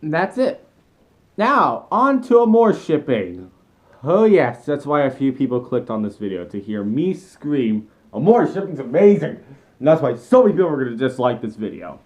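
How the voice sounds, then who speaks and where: Excitable young man ranting as a fan. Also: mid-range voice, normal speed. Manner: animated, excitable, rambling with self-corrections. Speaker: vlogger.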